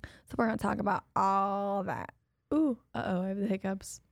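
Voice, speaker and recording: A woman's voice: mid-range voice, steady tone, normal speed, gravelly, no echo, clean studio sound. A young woman co-hosting a casual podcast, playful and laughing often as she talks. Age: young adult. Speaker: podcast co-host. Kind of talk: casual chat.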